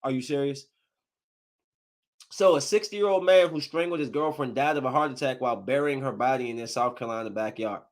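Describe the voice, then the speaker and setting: A man's voice: mid-range voice, brisk. A man hosting a casual solo podcast, talking animatedly, trash-talking with plenty of profanity, and reading news stories aloud with his own comments. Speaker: podcast host.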